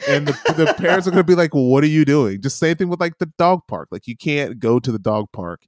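A man's voice: a little high, expressive, brisk, dry recording. A man chats casually on a podcast, teasing his co-host and laughing often. His voice sounds dry and close, with no room around it. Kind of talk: casual chat. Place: lives in Wellington.

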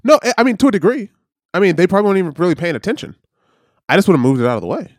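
A man's voice: high voice, sing-song, very fast, dry recording, studio quality. A man co-hosting a podcast in casual chat, teasing his co-host and giving half-joking advice. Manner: teasing, gives advice, mock-soothing.

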